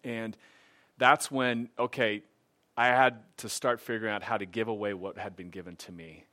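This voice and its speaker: A middle-aged man with a slightly low voice shares his personal testimony in an easygoing, conversational way. He sounds earnest and grows more animated when he quotes others. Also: moderate pace. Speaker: speaker sharing a personal faith testimony. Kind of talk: casual personal testimony talk.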